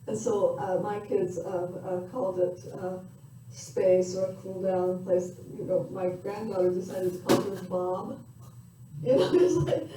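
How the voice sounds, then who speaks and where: Older woman lecturing in a very dark, echoey room. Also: medium pitch. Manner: conversational, reflective with fillers. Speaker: parenting educator. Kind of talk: recorded lecture. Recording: echoey room from far off with faint noise.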